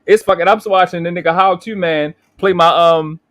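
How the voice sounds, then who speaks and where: A man's voice: sits high, fairly even intonation, normal speed, fairly bright tone. A man in his forties from Baltimore with a Baltimore accent, hosting a livestream in a profane, boastful, confrontational casual rant. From Baltimore, USA. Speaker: livestream host.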